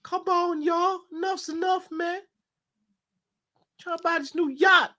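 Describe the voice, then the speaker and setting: A greedy high-voiced American club owner. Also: male voice, steady tone, measured pace, bright, forceful tone, heavily acted. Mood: mocking. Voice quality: high, drawling, brash.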